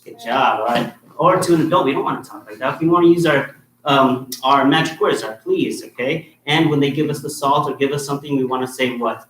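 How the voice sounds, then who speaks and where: Man, martial arts instructor running a kids' class, firm but encouraging, mid-pitched, roomy echo, faint hiss. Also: a little fast, a bit bright. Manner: firm and encouraging, checks in with "okay?" after nearly every point. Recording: echoey room with faint noise.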